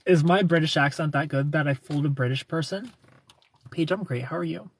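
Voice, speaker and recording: A man's voice: fairly high pitch, fairly quick, husky. A man hosting a casual livestream, greeting viewers and answering their comments in a playful, teasing, flirty way.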